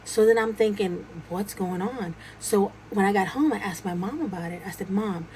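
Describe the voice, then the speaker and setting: Woman, casual storyteller, lively retelling, average pitch, faint background noise. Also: moderate pace, low-quality recording. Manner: animated retelling, acting out quoted dialogue. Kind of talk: casual spoken ghost story.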